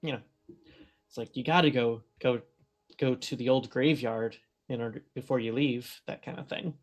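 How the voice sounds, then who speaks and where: A man narrating as game master of a tabletop role-playing game, often pausing with fillers as he describes the scene. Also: mid-range voice. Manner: hesitant, filler-heavy narration.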